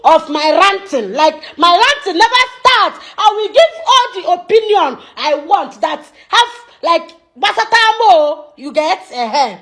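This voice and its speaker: A woman's voice: extremely high pitch, expressive, a little slow, hardly any pauses, a bit bright. A woman doing a chatty rant to camera, laughing as she talks. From Nigeria. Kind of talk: casual selfie rant mixing languages.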